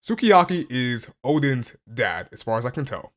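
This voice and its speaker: Man, casual reaction commentary, excitable, stammers, lots of "like", lively animated pitch, mid voice. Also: normal speed. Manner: excitable, stammering, heavy use of "like"; reads text aloud between reactions. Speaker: channel host reacting to a comic chapter.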